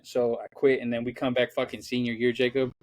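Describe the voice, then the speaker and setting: A man's voice: medium pitch, a little fast, no room sound. A young man co-hosting a podcast, telling profane stories in casual chat and acting out what people said. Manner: profane, animated storyteller acting out quotes. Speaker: podcast co-host.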